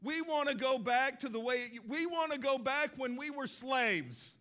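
A man's voice: very high-pitched, animated, moderate pace, pushed and bright, pitched above the performer's own voice, exaggerated voice. A man, a preacher, voicing a frightened crowd of ancient people who complain in a whiny tone.

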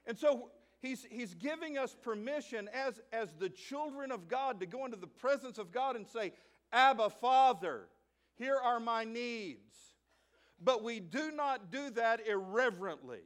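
A middle-aged male pastor preaching a sermon in an animated way, moving from hushed asides to loud, emphatic lines. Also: very high-pitched, normal speed, few pauses. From United States. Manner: acts out a child's voice in stories.

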